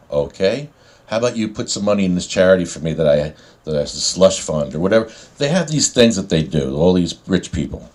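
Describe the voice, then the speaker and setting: Low-voiced man ranting on a podcast. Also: very animated, a little fast, hardly any pauses, darkish tone. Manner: ranting, sarcastic. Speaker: podcast host. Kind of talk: casual chat. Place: New Jersey.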